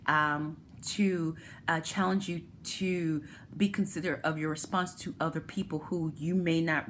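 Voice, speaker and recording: A woman's voice: deep voice, a bit bright, slight background noise. A woman hosting a talk, explaining a therapy idea step by step through everyday examples. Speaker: host.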